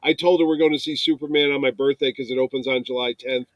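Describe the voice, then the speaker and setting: Animated and fast-talking, this convention producer from New York, a man in his fifties, chats casually and performs the voices of those he quotes. His voice is mid-range, and the low-quality recording has no echo.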